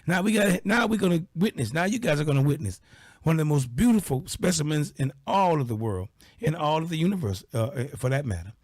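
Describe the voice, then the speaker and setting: Rambling, boisterous talk radio host. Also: male voice, on the high side, expressive, brisk, a little mellow, husky, no room sound. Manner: rambling and boisterous, with repeated fillers.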